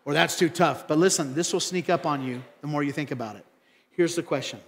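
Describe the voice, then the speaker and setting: A pastor preaching a sermon in a church, animated and repeating phrases for emphasis. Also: male voice, on the high side, quick pace, in a large hall. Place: church sanctuary.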